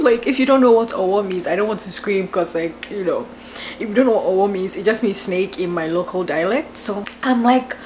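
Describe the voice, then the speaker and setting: 20s woman vlogging at home, highish voice, chatty, laughs a lot, says "like" tons, bit of noise in back. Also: normal speed. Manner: animated, laughing, lots of "like" fillers. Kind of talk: casual storytelling vlog. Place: home, indoors.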